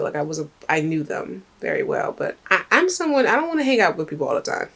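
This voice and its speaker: Woman, lowish voice, animated casual storytelling straight to camera. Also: quick pace, vocal fry, hardly any pauses. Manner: chatty, animated, addresses viewers directly.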